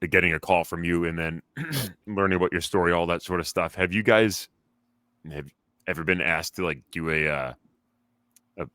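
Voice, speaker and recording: A man hosting a podcast, asking questions in a relaxed, encouraging way and laughing easily. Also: sits low, no echo, clean studio sound. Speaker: podcast host. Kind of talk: casual interview chat.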